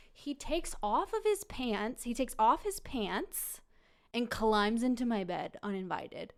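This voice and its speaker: A young woman casually telling a story on a podcast, laughing and acting out quotes loudly. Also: medium pitch, moderate pace, clean tone. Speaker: podcast guest and producer.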